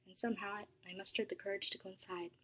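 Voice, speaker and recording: Racing through a first-person tale, a woman narrates softly and dramatically, sometimes sinking almost to a whisper. Her tone is steady, airy and breathy at a mid pitch, captured in poor audio.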